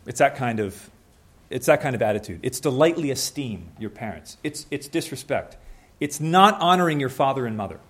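A young man preaching a sermon in a conversational way, acting out little scenes with quick changes of voice. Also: mid-range voice, animated, fairly bright tone.

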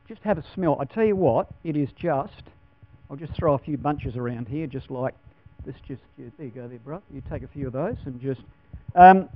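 A man's voice: on the high side, no echo. A man preaching a Bible class sermon in a folksy, chatty way, asking his listeners questions. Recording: dull lo-fi sound with mains hum.

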